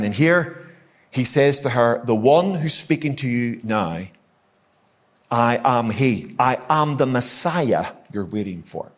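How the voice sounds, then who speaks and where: A man with a Northern Irish accent preaching a sermon to a church congregation, emphatic and repetitive, asking the room rhetorical questions. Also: medium pitch. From Northern Ireland. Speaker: guest preacher. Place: church hall, live congregation.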